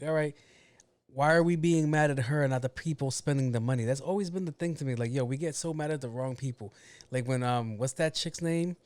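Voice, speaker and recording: A man's voice: medium pitch, a little mellow, no echo. A man hosting a casual solo podcast, ranting bluntly with a lot of swearing and grumbling to himself about his own mistakes. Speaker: podcast host.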